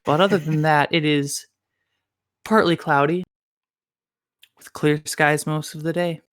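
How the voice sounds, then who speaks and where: A marathon commentator putting on a calm, measured public radio announcer voice to read the morning weather. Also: mid-range voice, no room sound, clean studio sound, lightly acted. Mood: soothing.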